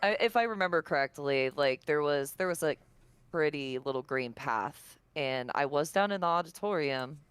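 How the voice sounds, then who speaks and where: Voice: medium pitch, expressive, moderate pace, fairly bright tone, smooth. A co-host chatting casually on a podcast, speaking hesitantly and often filling gaps with "like". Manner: hesitant, fills with "like".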